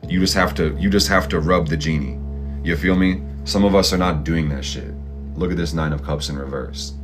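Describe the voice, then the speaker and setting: A man with a very deep voice speaks fairly quickly over background music. Hosting an astrology and tarot channel, he gives a casual, motivational tarot reading, talking bluntly with lots of slang and profanity in a pep-talk manner.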